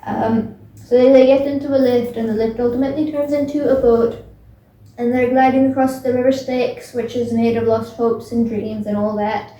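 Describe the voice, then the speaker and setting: A woman's voice: a little high, level tone, normal speed, mellow, muffled recording. A young woman casually retelling a book's plot, rambling with many fillers and restarts. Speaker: book recap vlogger. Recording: echoey room, voice from a distance.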